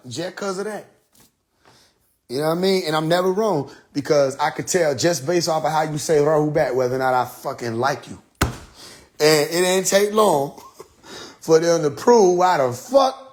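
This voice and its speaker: A man hosting a casual livestream, telling stories in a loose, profane way, laughing often and mimicking other people's voices. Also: on the high side. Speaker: livestream host. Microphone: phone.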